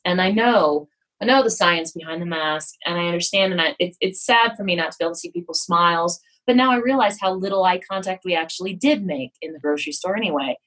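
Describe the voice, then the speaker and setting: Woman, husky breathy voice, somewhat low, frank, self-deprecating, conversational storyteller. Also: a bit bright, rough recording. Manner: frank and self-deprecating, acts out her own quotes. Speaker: yoga studio guest.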